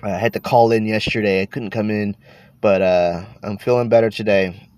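The host speaks at normal speed in a fairly low, darkish voice with a steady tone. His nose is blocked from allergies, giving him a congested, nasal sound, and on this casual podcast he's tired, rambling and swearing as his thoughts trail away.

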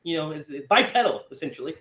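Animated high-voiced man in an echoey room. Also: fast talker. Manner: animated, laughs often, recaps plots. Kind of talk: casual movie discussion.

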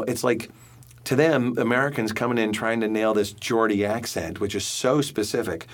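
A man, a stage actor, telling a story in a casual interview, halting with many restarts, then speaking in animated bursts. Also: on the low side.

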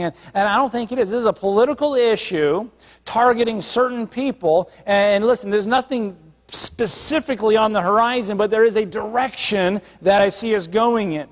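A man's voice: sits high, normal speed, big-room sound. A man, a pastor, preaching a sermon in a conversational way, retelling a scripture story with acted asides.

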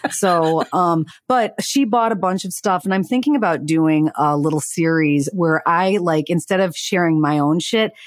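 Chatty woman co-host, low and dry. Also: dry recording. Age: 40s. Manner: chatty, quick reactions, playful. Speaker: podcast co-host. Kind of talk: casual chat.

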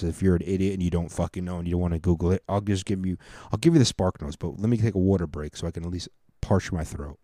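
A man's voice: deep voice, expressive, fast talker, mellow, dry recording, studio quality. A man ranting on his vlog, swearing heavily and stumbling over his words as he reads messages aloud and argues with them. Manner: swears a lot, stumbles and restarts when worked up. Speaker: vlogger. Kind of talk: profane heated rant.

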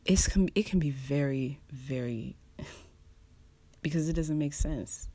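A preacher giving casual devotional teaching, pausing often, repeating words and chuckling between thoughts. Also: mid-range voice, mellow, no echo. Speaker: online preacher.

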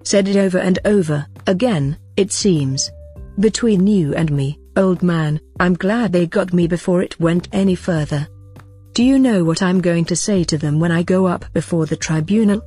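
A woman's voice: lowish voice, normal speed, dark tone, breathy edge, soft background music. A woman voicing a frightened middle-aged man who pleads, blubbers and turns sanctimonious, in an audiobook reading. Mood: confiding. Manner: blubbering, servile, then sententious.

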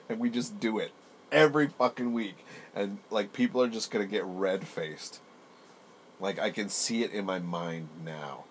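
Low-voiced, slow, playful young man. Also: slight background noise.

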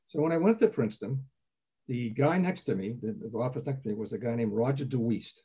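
An older man, a groundwater professor, telling anecdotes in a relaxed interview, chatty and peppered with "okay?" asides. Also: mid-range voice, a little fast, slightly rough.

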